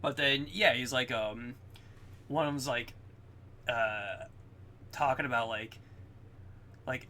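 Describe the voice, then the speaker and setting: A young man co-hosting a podcast in casual chat, excitedly recapping scenes, swearing often and acting out quotes. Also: medium pitch, slow, pauses often. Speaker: podcast co-host.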